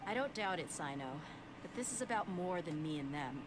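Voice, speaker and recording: A woman's voice: lowish voice, animated, a little fast, noisy background, natural voice. An actress playing a tough, blunt female mercenary in a game, talking in an easygoing, direct way.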